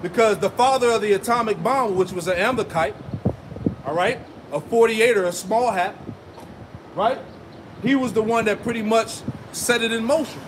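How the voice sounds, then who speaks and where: Emphatic male street preacher, high pitch, outdoor traffic noise behind him. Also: moderate pace. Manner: emphatic, asks rhetorical "right?" and "man" often. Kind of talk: street sermon with scripture reading.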